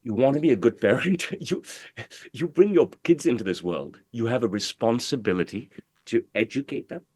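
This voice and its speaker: A man's voice: mid-range voice, lively intonation, normal speed, darkish tone, slightly rough, no room sound. A middle-aged man, a tailor, giving a brash, profane and emphatic interview, full of "bro" and "you know what I mean". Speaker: guest, tailor. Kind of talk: casual interview talk.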